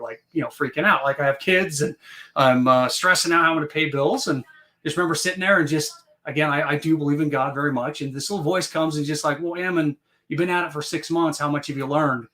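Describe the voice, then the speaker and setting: A man guest on a podcast talks in quick, tumbling bursts with lots of ums and restarts. His voice sits a little above average in pitch. He sounds animated and keeps rambling on. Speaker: podcast guest, real estate investor. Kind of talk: casual storytelling.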